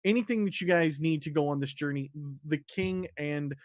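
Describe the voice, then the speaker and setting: A man narrating a tabletop role-playing game as dungeon master, casual and animated with quick asides. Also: a little high, dry recording, studio quality.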